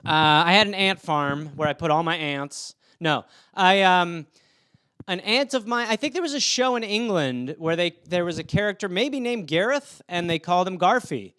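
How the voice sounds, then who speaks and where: High-voiced man riffing comedically. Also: lively intonation, moderate pace, bright, forceful tone, smooth, no echo, studio quality. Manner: riffing, jumps into goofy character voices mid-sentence. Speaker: podcast host answering listener topics. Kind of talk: solo comedic rant.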